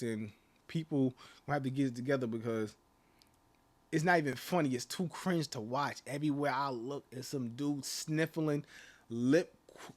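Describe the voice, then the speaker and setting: A man talking casually to camera as a channel host, rambling with lots of "like" and "you know" and mocking rhetorical questions. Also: on the high side. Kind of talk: casual opinion rant to camera.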